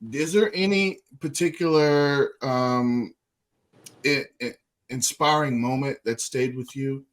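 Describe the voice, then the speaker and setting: A man hosting a casual podcast interview, asking questions in a relaxed, encouraging way. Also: mid-range voice, slow pace. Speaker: podcast host.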